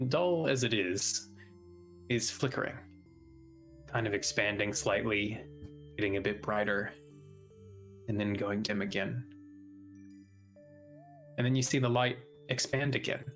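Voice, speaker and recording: A man acting as game master, hedging through rules with ums and restarts. He slows into hushed, atmospheric narration, with faint music playing under his voice. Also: lowish voice, low-quality recording. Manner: hesitant, rule-checking, then slow atmospheric narration.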